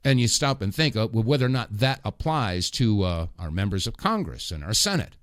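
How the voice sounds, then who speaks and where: A middle-aged man hosting a political talk radio show, delivering a rambling, impassioned monologue with sudden loud outbursts. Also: fairly low pitch, sing-song, fairly quick, dry recording, studio quality.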